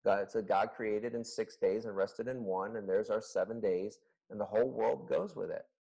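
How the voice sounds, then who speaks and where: Pastor-Stimme über Videoanruf. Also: male voice, lowish voice, moderate pace, vocal fry, warm tone, husky, rough recording. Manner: earnest, conversational teaching with rhetorical questions. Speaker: pastor teaching a Bible study. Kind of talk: Bible study teaching. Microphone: video call. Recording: online video call recording.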